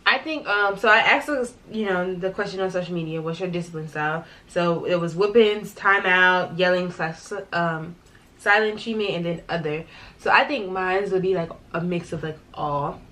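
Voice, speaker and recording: A woman co-hosting a casual chat about parenting. She tells relaxed, softly spoken stories as a godmother. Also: lowish voice, moderate pace. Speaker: podcast co-host and godmother.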